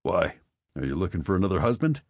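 A man's voice: sits low, sing-song, quick pace, dry recording, studio quality, exaggerated voice. A man reading an audiobook, voicing an easygoing man who teases with amused kindness. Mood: teasing. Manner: teasing, amused. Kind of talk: audiobook character voice.

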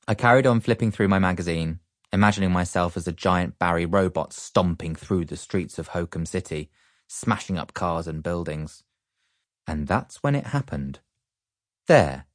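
A man giving an expressive, playful reading of a children's book. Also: low-pitched, no room sound, studio quality. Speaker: audiobook reader. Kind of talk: animated children's book narration.

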